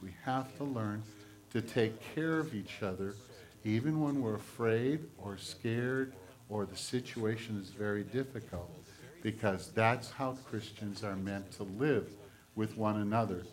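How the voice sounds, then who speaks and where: A pastor with a mid-range voice gives a children's sermon in a church sanctuary, speaking to the kids in a gentle, animated way.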